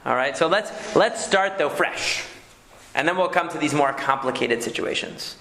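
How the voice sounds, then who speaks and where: A rabbi with a sharp-toned, higher-pitched voice gives a conversational lecture on marriage communication at normal speed, checking in with "okay?" as he teaches. The room is echoey.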